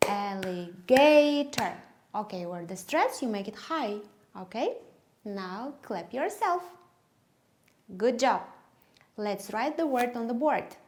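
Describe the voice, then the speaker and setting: Slow, clear woman teaching English. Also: on the high side, animated, a little hiss or hum. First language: Kyrgyz. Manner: slow, clear, emphatic drilling of words. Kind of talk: teaching demonstration.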